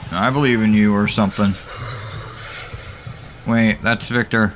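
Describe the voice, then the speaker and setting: A man hosting a gaming channel, giving excitable, jokey let's play commentary that is full of swearing and laughter. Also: on the low side, unhurried, pauses often, slight background noise.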